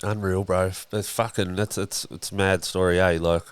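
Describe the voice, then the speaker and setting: Deep, smooth-voiced Australian man. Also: moderate pace, no room sound. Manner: laid-back, relaxed, agreeable interjections. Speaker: podcast host. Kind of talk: casual interview.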